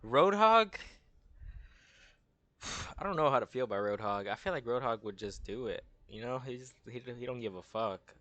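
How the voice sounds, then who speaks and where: A man's voice: medium pitch, brisk, a bit bright, no echo. A young man giving casual, rambling, slangy commentary and tossing in "bro" a lot. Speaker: content creator.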